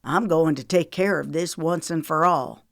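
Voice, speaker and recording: A woman's voice: sits low, moderate pace, creaky, no echo, clean studio sound. A woman doing a stern, determined young man. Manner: demanding, firm.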